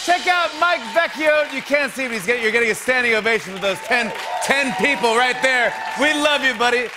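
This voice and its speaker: A man hosting a late-night show, shouting excited praise for a guest over band music. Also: very high-pitched, fairly quick, crowd noise. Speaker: talk show host.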